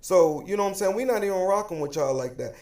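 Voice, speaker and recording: High-voiced man ranting, echoey room. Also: lively intonation, quick pace, darkish tone. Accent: African American English. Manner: blunt, emphatic, repetitive. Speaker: social media commentator. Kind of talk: heated direct-to-camera rant.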